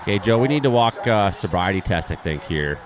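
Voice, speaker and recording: A man's voice: low-pitched, animated, fairly quick, crowd noise. Sarcastic Canadian man narrating a clip. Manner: sarcastic, swears freely, many fillers. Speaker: host of a weather and video-review show. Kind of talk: casual running commentary over a roadside video.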